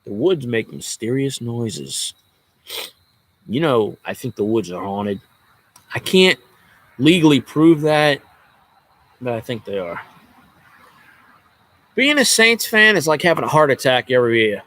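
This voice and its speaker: A man's voice: medium pitch, big pitch swings, measured pace, long pauses, fairly bright tone. A man who vlogs as a sports fan, ranting in a casual, rambling way with a lot of swearing and jokes. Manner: profane, joking, rambling.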